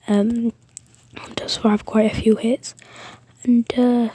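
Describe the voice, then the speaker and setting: A woman's voice: a little high, dark tone, husky. A woman whispering a rambling story, with frequent fillers and restarts.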